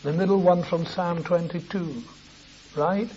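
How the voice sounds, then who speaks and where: An older man preaching a sermon, tender and earnest, repeating his phrases and moving between soft words and raised ones. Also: sits high, steady tone, a little slow. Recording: muffled lo-fi sermon recording with faint hiss.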